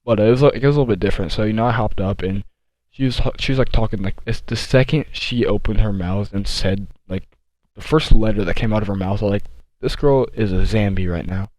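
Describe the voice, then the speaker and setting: A teenage boy telling a story from his school days, rambling with many fillers and restarts, deliberately slowing his speech. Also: on the low side, a little mellow, no room sound, poor audio. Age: teens. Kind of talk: casual storytime monologue.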